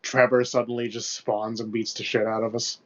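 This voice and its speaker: Rambling, foul-mouthed young podcast co-host. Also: male voice, medium pitch, little pitch movement, moderate pace. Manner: rambling, loose and profane, lots of fillers. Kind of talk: casual chat. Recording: dull lo-fi podcast mic.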